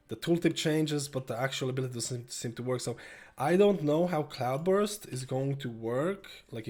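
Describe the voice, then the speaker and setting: A young man with a slightly stuffy nose, giving casual gameplay commentary that jumps from steady explaining to excited bursts. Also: mid-range voice. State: slightly stuffy, a little sick. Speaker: gameplay streamer.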